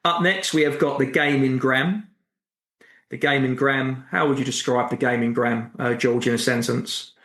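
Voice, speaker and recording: A man co-hosts a podcast with teasing, mock-earnest banter. His mid-pitched voice rings out in an echoey room. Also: fairly even intonation, moderate pace, fairly bright tone. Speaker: podcast co-host. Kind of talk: casual comedic banter.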